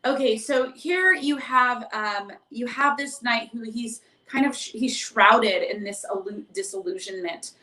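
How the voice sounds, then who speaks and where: A woman's voice: on the high side, measured pace, hardly any pauses, pushed and bright, reverberant, poor audio. A woman hosting a live-streamed tarot reading, musing aloud with hesitant restarts. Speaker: tarot reader.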